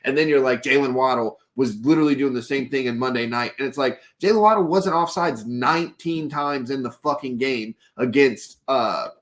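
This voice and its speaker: A man's voice: medium pitch, normal speed, hardly any pauses. A man co-hosting a sports podcast, talking in heated, profanity-laden rants. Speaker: podcast co-host. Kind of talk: casual sports chat, ranting.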